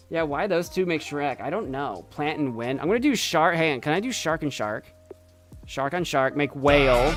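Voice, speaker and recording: Lively, playful male streamer. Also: on the high side, a little slow, faint music behind. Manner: playful, excitable, thinking aloud. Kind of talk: casual gameplay commentary.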